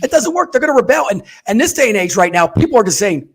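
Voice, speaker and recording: A man hosting a casual business talk show, talking in an animated, folksy way and speaking straight to viewers. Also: extremely high pitch, fast talker, breathy edge. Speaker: podcast host. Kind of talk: casual conversational interview.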